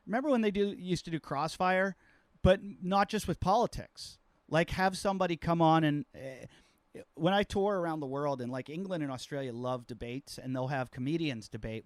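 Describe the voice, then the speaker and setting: A man's voice: fairly high pitch, clean tone, dry recording. A man hosting a podcast as a comedian, telling rambling, self-mocking stories in casual chat.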